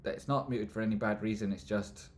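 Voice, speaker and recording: A man's voice: lowish voice, steady tone, quick pace, a little hiss or hum. Rambling man on a livestream. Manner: rambling, trails off into mumbles, sudden loud jokey outbursts. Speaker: livestream host answering chat. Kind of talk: casual live chat, stock chart commentary.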